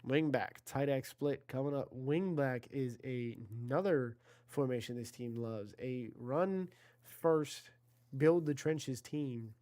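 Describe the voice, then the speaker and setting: A man's voice: mid-range voice, takes it slowly, mellow. A man giving casual play-by-play commentary on an online video game football league, chatty and self-correcting, talking to his chat and rising on big plays.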